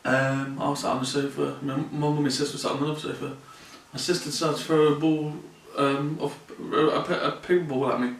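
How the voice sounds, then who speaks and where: A man speaks earnestly and plainly in a personal vlog, often circling back to repeat himself. His voice sits a little high for a man. He sounds some way from the mic, in a room with noticeable echo. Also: level tone, brisk, few pauses, slight background noise. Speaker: vlogger. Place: room in his mother's home. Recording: roomy sound from a distant mic.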